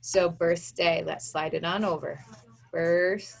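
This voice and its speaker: A woman phonics teacher leads an online lesson at an unhurried, deliberate pace. She enunciates each sound with care so that young children can follow. Her voice sits at a middle pitch and she speaks through a computer mic. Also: lively intonation, fairly bright tone. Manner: slow, clearly enunciated, sounding out words for children.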